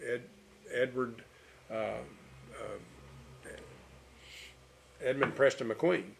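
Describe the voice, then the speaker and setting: Middle-aged man, gravelly, folksy interview storyteller, wanders and restarts. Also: medium pitch, drawn-out words, slight background noise. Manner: rambling, self-interrupting, animated anecdotes.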